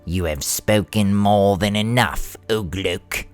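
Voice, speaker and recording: A man's voice: fairly low pitch, takes it slowly, soft background music, pitched below the performer's own voice. A man voicing a sly, spiteful male orc messenger with a sneering, mocking delivery.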